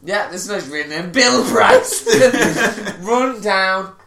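A man's voice: high-pitched, slow, vocal fry, a bit bright, roomy sound, slight background noise. A man, telling a sweary story and laughing in casual podcast chat. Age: 30s. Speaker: podcast co-host.

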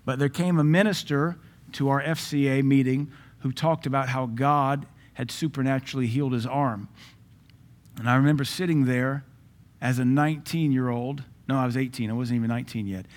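A man's voice: mid-range voice, fairly even intonation, normal speed. A man preaching a sermon, telling personal stories in a conversational way.

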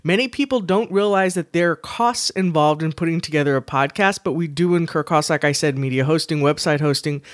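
A woman from Texas with a Texan accent, co-hosting a casual podcast, chatty and quick to laugh, often restarting her sentences. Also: low voice, no echo, studio quality. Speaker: podcast co-host.

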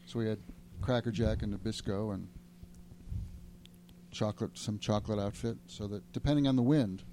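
A man's voice: on the low side, steady tone, normal speed, mellow, a little hiss or hum. A man from Chicago in casual chat, explaining at length in a rambling, self-mocking way.

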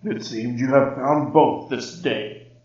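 A man booming as an ancient jar spirit. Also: fairly even intonation, distant mic. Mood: imperious. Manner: slow, commanding, loud. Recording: roomy, slightly dull recording.

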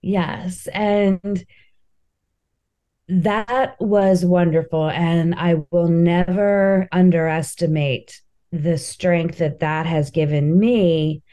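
A woman's voice: fairly low pitch, fairly even intonation, drawn-out words, dark tone. A woman comedian as an interview guest, telling stories in a candid, heartfelt way. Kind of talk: casual interview chat.

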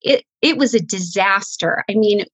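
A woman's voice: mid-range voice, animated, normal speed, fairly bright tone, breathy edge, no room sound, low-quality recording. A middle-aged woman telling a heartfelt faith story as a guest, breaking into laughter. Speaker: guest author. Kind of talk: emotional faith conversation.

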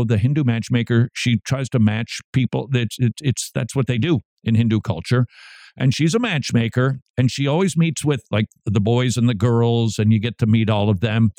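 A man's voice: medium pitch, warm tone, no room sound, clean studio sound. Wry man hosting Christian commentary. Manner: wry, conversational, with sarcastic asides. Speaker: host of a daily Christian commentary show. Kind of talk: casual commentary.

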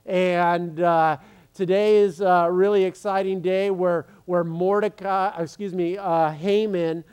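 A pastor talks to his congregation in a loose, joking sermon, full of "uh"s and restarts. His voice sits high for a man. It is smooth and clear. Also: steady tone, slow, a little mellow. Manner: joking, chatty, many fillers and restarts.

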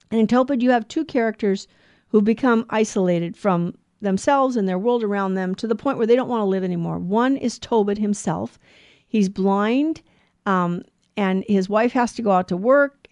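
A woman's voice: on the high side, mellow, dry recording, studio quality. A woman giving a scripture talk, telling Bible stories and acting out the characters' lines with light laughs between points. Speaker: Bible teacher.

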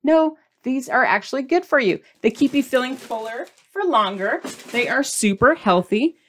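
Animated emphatic woman podcast host. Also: fairly high pitch, moderate pace. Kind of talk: casual podcast monologue.

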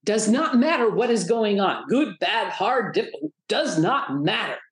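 Lively middle-aged woman telling stories. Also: measured pace. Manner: animated, acts out quoted voices in a high pitch. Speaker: guest author and speaker. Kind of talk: storytelling interview talk.

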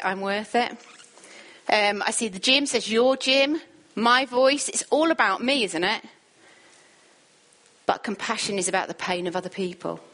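An earnest woman delivers a sermon at a middle pitch. Her lists climb higher as they build, and she sinks to a gentle, hushed tone when she quotes. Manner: earnest, builds to rising lists, drops soft for quoted words. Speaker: preacher.

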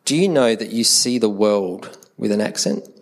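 A middle-aged Australian man from Adelaide preaching a sermon as a pastor, in a conversational, animated way that slips into quoted voices. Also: on the low side, moderate pace.

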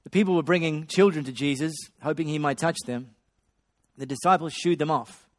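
A man preaching a sermon, swinging between loud excitement and hushed storytelling. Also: a little high, fairly quick. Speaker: pastor.

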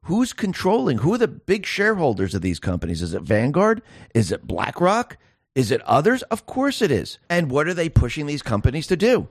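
A man's voice: on the high side, huge pitch swings, brisk, husky, no room sound, clean studio sound. A man hosting a political commentary show, speaking in an emphatic monologue full of repetition and rhetorical questions. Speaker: show host.

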